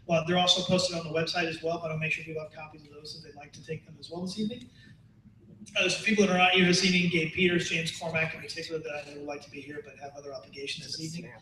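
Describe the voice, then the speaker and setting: A man on a board running through introductions fast, in a bright, forceful voice. He rambles as he talks, heard from a distance in an echoey room. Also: fairly high pitch, flat delivery, slight background noise. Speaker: board member. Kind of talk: meeting introductions. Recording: roomy room from far off.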